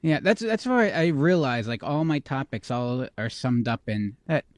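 A man's voice: medium pitch, expressive, moderate pace, no room sound, studio quality. A man co-hosting a podcast in casual chat, bantering easily and joking around. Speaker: podcast co-host.

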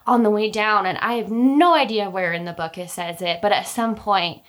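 A woman's voice: mid-range voice, moderate pace, fairly bright tone. A young woman telling a personal story in casual chat, talkative, with many fillers and restarts. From Utah, US.

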